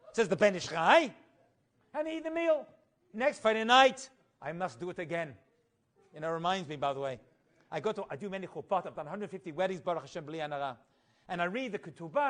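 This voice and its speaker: A high-pitched, middle-aged male rabbi tells stories in an animated Torah class. He sings the Hebrew phrases he quotes and throws in humorous asides.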